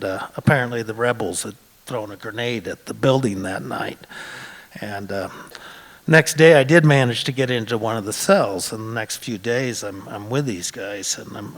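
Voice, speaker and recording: A man in his sixties from Montana telling a true story on stage, conversational, often pausing on "uh" and repeating words. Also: fairly low pitch, a bit bright. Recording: long hall reverb.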